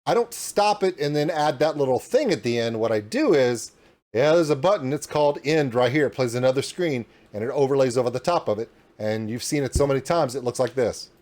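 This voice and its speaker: A man's voice: medium pitch, fairly quick. A man hosting his own reaction channel, walking viewers through his home streaming setup in a casual, demonstrative way. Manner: animated and demonstrative, pointing things out. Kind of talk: casual tutorial walkthrough.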